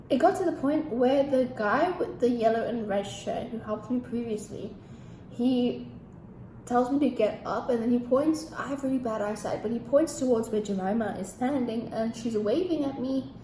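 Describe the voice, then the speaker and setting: Animated teenage girl ranting on a vlog. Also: a little high, normal speed, slight background noise. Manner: animated, ranting, heavy swearing. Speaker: vlogger. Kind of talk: storytime vlog. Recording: echoey room with faint ambience.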